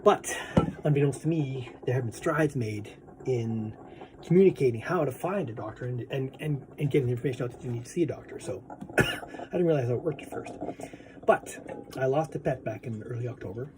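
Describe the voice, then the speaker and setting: A man's voice: mid-range voice, a little fast, noisy background. A man vlogging in a casual, rambling monologue, swearing freely and asking "right?" as he goes.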